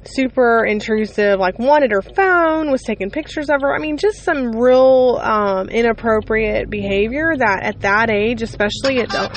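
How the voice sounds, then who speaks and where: A woman in her thirties or forties with a fairly high voice hosts a casual podcast monologue. She talks loosely and with exasperation, full of fillers and asides. A steady vehicle hum runs clearly behind her. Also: moderate pace, hardly any pauses. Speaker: podcast host, mother.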